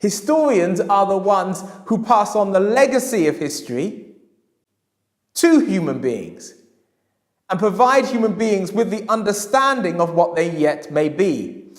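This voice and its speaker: A man's voice: sits high, lively intonation, unhurried. A man, a historian telling a story in a lecture, emphatic and repeating his key phrases. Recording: echoey hall.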